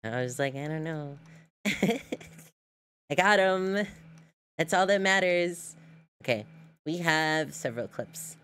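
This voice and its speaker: A woman's voice: lowish voice, expressive, takes it slowly, long pauses, a bit bright, clear, resonant tone. A woman streamer chatting casually while reacting to clips, giggly and talkative with lots of fillers.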